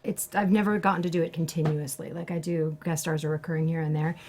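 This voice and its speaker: A woman's voice: low-pitched, steady tone, quick pace, darkish tone. A woman guest chatting casually on a talk show, playful and self-deprecating, laughing often. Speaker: guest actress. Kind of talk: casual chat.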